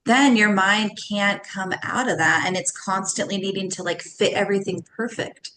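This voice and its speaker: Speaking at a moderate pace in a mid-range, fairly bright voice, a woman in her thirties guests on a podcast as a somatic coach. She's casual and animated, often laughing between thoughts. There's slight background noise, with roomy echo and faint ambience.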